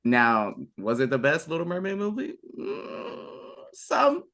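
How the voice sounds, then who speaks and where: A man's voice: a little high, wildly swooping pitch, normal speed, creaky, fairly bright tone. Chatty man, a podcast guest. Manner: chatty and enthusiastic, trailing fillers. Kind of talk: casual chat.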